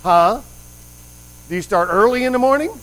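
A man's voice: very high voice, expressive, moderate pace, a bit bright, low-quality recording. A man preaching a conversational sermon, rambling with asides and quizzing the congregation with questions. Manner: rambling with frequent restarts and asides.

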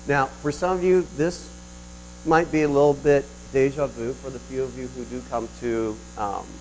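A man's voice: mid-range voice, steady tone, moderate pace, a little hiss or hum, rough recording. A man delivering a sermon in a conversational storytelling way, telling a personal story with frequent restarts. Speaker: preacher.

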